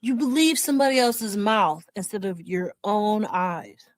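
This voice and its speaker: A woman co-hosting a casual entertainment podcast, talking in an animated, emotional way. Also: mid-range voice, a little slow, no room sound. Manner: animated, emotional, acts out quotes. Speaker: podcast co-host. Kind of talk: casual chat.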